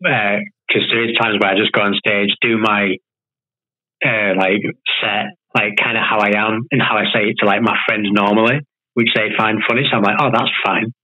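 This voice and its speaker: A man's voice: fairly low pitch, flat delivery, moderate pace, sharp tone, rough recording. A man from the UK, a guest comedian, chatting in a laid-back way with lots of fillers over a remote call. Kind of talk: casual chat interview.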